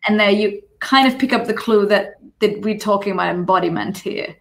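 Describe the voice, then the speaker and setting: A woman's voice: mid-range voice, brisk, creaky. Woman, discussion guest, thoughtful and eager, video call audio. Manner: thoughtful, enthusiastic, some hesitations. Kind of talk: conversational discussion.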